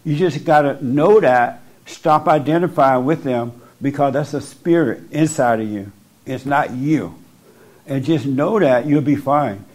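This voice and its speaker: A man's voice: medium pitch, a little slow, a little mellow. A man giving blunt spiritual counsel to someone in front of him, talking into a microphone and driving his points home by repeating them. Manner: blunt, repetitive, insistent. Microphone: speaking into a microphone.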